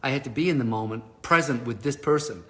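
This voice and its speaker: Bright, animated male motivational speaker. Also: mid-range voice, quick pace. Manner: animated, laughing, swears casually. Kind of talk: live-stream storytelling.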